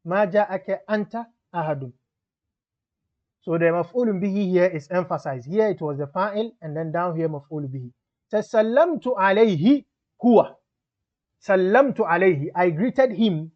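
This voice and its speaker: A man with a high voice gives a patient grammar lesson, going through each example step by step and blending English explanations with Arabic grammar terms. His intonation is lively and his pace moderate, though the recording is slightly dull and lo-fi.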